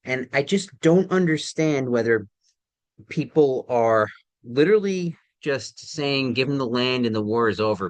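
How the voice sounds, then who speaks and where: A tired man talking casually to camera, halting, with many ums and restarts. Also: mid-range voice, no room sound. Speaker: vlogger.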